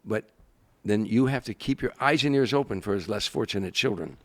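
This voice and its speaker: An older comedian telling stories in an interview, animated and acting out the people he quotes. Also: lowish voice, a little fast. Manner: animated storyteller, acts out quoted voices. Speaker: guest, comedian. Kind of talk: storytelling interview.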